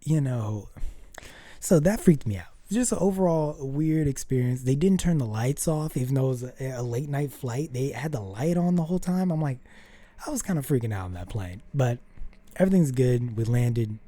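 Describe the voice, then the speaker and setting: Rambling storyteller with a very dark voice. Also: medium pitch, animated, normal speed, dry recording. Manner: rambling, filler-heavy, acts out quoted dialogue. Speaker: vlogger. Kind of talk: casual storytelling to camera.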